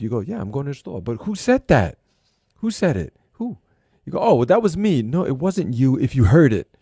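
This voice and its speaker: A middle-aged man telling his story as a podcast guest, animated and acting out the voices in his head. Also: medium pitch, no echo, studio quality. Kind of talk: casual conversation.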